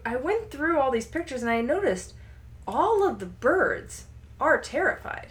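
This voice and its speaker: A woman co-hosts a podcast in easy, casual chat. She retells stories with animated enthusiasm and laughs readily. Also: high-pitched, normal speed. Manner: animated storyteller, often laughing. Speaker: podcast co-host.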